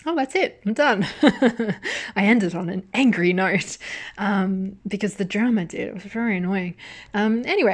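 A woman giving a casual spoken review of a drama, animated and swearing freely as she vents, then laughing it off. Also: medium pitch.

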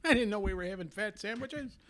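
A man co-hosting a casual comedic podcast, crude and wisecracking with loud outbursts. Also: high-pitched, lively intonation, a little fast, no echo. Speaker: podcast co-host.

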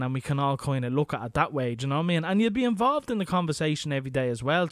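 A man's voice: on the high side, no echo, clean studio sound. An Irish man hosting a podcast, talking casually and crudely with lots of swearing. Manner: crude, swearing, chatty and matter-of-fact. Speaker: podcast host. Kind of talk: casual solo podcast monologue.

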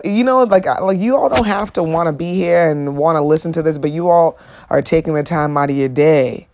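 A man's voice: a little high, darkish tone, no room sound. A young man hosting a solo podcast, talking earnestly and casually with lots of "you know what I'm saying" fillers, rising when he stresses a point. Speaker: podcast host.

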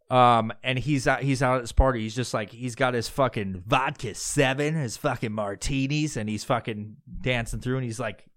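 A man's voice: mid-range voice, fairly bright tone, dry recording, studio quality. A man hosting a comedy podcast, rambling through an improvised story with constant swearing and chuckles. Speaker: podcast host.

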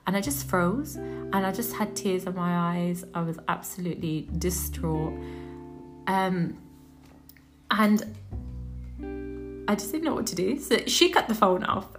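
A young woman, hosting a podcast and retelling a work story in a chatty, animated way with many fillers. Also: fairly low pitch, unhurried, pauses often. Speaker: podcast host, doctor in general practice. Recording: guitar music playing under the voice.

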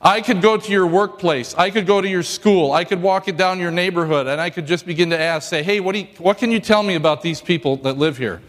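Guy pastor preaching, cracks jokes, high-ish voice, big echoey church sound. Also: fairly quick, hardly any pauses. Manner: joking, lively storytelling. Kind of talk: sermon.

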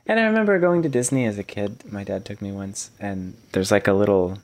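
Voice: low-pitched, a little fast, noisy background. Laid-back host, dry teasing. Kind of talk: casual chat.

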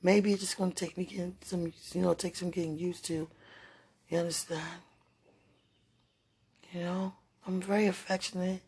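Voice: mid-range voice, little pitch movement, moderate pace, long pauses, darkish tone. A person chatting casually and affectionately at home in a kitchen, with frequent laughter and a playful, teasing manner. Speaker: person talking to a loved one. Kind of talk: casual one-sided chat. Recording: roomy sound from a distant mic with faint background noise.

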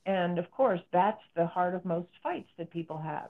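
A woman's voice: on the low side, normal speed. Therapist guest, middle-aged woman, earnest explanatory delivery, heard through a narrow phone-like line. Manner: earnest, explanatory, acts out quoted speech. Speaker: psychotherapist and author guest. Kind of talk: interview conversation.

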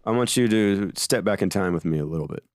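Male podcast host, playful and bantering, lower voice, dry close recording. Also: fast, darkish tone, dry recording. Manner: playful, role-plays a studio mogul. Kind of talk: casual chat about films.

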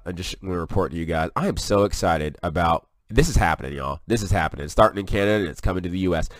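Excitable man, very deep voice. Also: no room sound, clean studio sound. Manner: excitable, folksy, drawls "y'all". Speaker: online video host. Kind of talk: casual preaching vlog with screen share.

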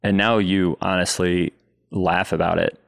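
Deep-voiced joking man, dry sound. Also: level tone, a little slow, creaky, a bit bright, no echo. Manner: joking interjections. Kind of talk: casual chat.

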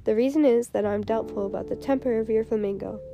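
A woman's voice: a little high, fast, creaky, lo-fi sound. A woman reading as a moralizing fawning duchess. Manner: sententious, agreeable. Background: background music.

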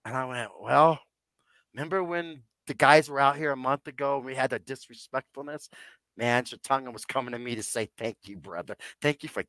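A man's voice: mid-range voice, fairly quick, pushed and bright, no room sound. A man in his sixties, a podcast guest, telling a personal story in a rambling way and calling his listeners "guys". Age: 60s.

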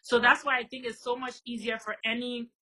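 A woman from Liberia, a guest in an interview, explaining her culture in lively conversation with plenty of examples. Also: fairly high pitch, a little fast, poor audio. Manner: animated storyteller, explains with examples.

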